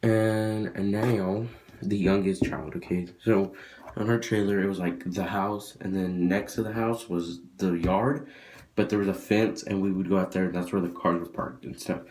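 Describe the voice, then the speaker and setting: A man's voice: sits low, fairly even intonation, unhurried, a little mellow, slight background noise. A young man vlogging a casual story, rambling with lots of fillers and restarts.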